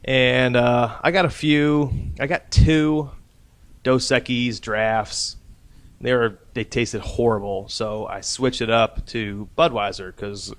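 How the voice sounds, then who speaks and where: A man's voice: mid-range voice, fairly even intonation, slow. A man hosting a casual podcast, telling a rambling, profane anecdote and laughing at his own story. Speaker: podcast host.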